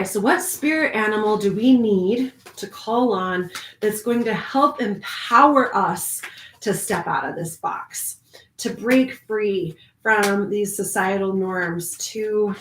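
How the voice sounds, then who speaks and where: A woman giving a casual spiritual oracle card reading, animated and laughing often, moving from hushed calm to excited outbursts. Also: medium pitch, echoey room, slight background noise.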